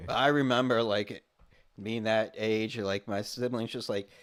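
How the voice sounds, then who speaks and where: A man's voice: lowish voice, a little slow, smooth. A man from Ohio, co-hosting a podcast in casual chat, telling stories and acting out quotes with laughs. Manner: animated storyteller, acts out quotes with laughs. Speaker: podcast co-host.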